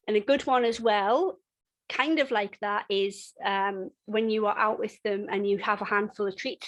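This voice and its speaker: A middle-aged woman giving a dog-training webinar in a chatty, conversational way, with frequent restarts and lively bursts when acting out games. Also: on the high side, poor audio. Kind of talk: webinar teaching.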